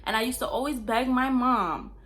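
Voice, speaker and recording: A woman's voice: fairly high pitch, moderate pace, a bit bright. A young woman from Queens, telling a rambling, profane storytime in casual slang. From Queens, New York. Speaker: storyteller vlogger.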